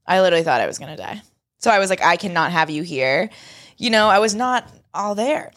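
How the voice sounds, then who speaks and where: A young woman co-hosting a casual podcast chat, telling an animated story with lots of "like". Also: fairly low pitch, a little fast. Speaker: podcast co-host.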